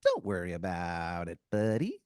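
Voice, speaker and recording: A man voicing a grinning cartoon tooth creature who tempts with high, wheedling promises. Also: wildly swooping pitch, moderate pace, a little mellow, smooth, no room sound, studio quality.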